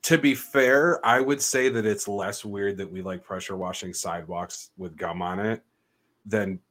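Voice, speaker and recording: A man with a slightly low, bright voice trades jokes in loose podcast banter. He tells stories in a laid-back way and swears freely. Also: steady tone, a little slow. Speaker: podcast co-host.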